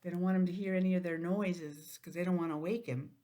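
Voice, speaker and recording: Woman teacher reading a storybook to little kids, lower voice, gentle, explains as she goes. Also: fairly even intonation, brisk. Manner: gentle, explaining and asking questions. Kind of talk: reading a picture book aloud to young children.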